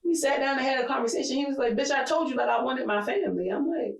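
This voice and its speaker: A woman co-hosting a podcast, telling personal stories in a candid, profane, animated way. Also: high voice, fast talker, gravelly, reverberant, low-quality recording. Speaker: podcast co-host. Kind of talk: casual chat.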